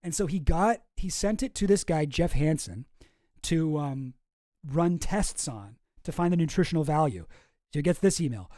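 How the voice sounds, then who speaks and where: A man's voice: a little high, animated, normal speed, dark tone, no room sound, studio quality. A man hosting a casual commentary show, reading emails aloud with chuckling asides. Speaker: host.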